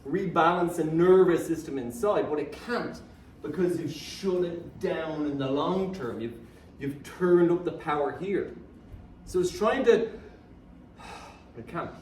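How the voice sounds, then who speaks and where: Animated man speaking in a hall. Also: a little high, unhurried, a little hiss or hum. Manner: animated, joking, coaxes the audience to join in. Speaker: guest speaker. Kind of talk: live motivational talk to an audience. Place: event hall with an audience. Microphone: phone camera from the audience. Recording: echoey hall phone recording from far off.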